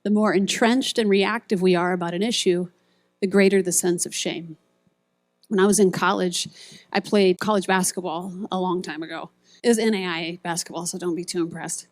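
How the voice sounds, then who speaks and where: A woman's voice: lowish voice, fairly even intonation, moderate pace, no room sound. A middle-aged woman giving a sermon at a retreat, telling stories and acting out quoted voices and buzzer sounds. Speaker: speaker at a ministry retreat.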